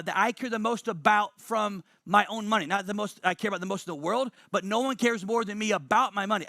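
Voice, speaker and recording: An emphatic man leads an online seminar, repeating his main points and speaking straight to the audience in the chat. His voice sits high and bright, with a gravelly edge and a dry, close sound. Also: no echo. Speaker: webinar presenter. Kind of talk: motivational webinar talk.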